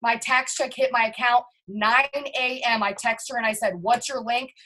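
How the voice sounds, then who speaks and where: Bubbly hyped-up woman, high voice. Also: fairly even intonation, moderate pace, bright, forceful tone. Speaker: network marketing distributor. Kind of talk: excited motivational story.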